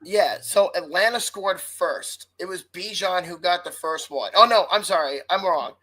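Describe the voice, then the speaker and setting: A woman's voice: fairly low pitch, normal speed, a bit bright, poor audio. A woman co-hosting a sports podcast, ranting hotly and swearing freely in casual talk. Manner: heated, profane ranting. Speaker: podcast co-host.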